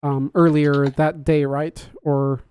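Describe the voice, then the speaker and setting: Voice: mid-range voice, little pitch movement, takes it slowly, warm tone, clean tone. A podcast host chatting casually on a livestream, reading viewer comments aloud, laughing often and joking about their own slips.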